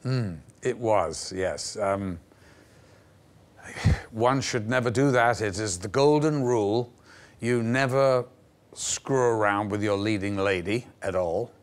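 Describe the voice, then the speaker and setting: An older actor telling stories as a guest on a television interview show, animated and playful, slipping into the voices of people he quotes. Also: on the low side, slow pace. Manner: lively raconteur who acts out the voices in his stories. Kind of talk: anecdotal interview storytelling. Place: television studio.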